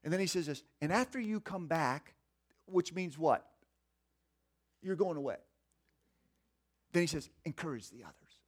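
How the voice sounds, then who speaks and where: A man preaching a sermon in a conversational, folksy way, swinging between hushed passages and loud, animated ones. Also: on the high side, moderate pace, long pauses. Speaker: pastor.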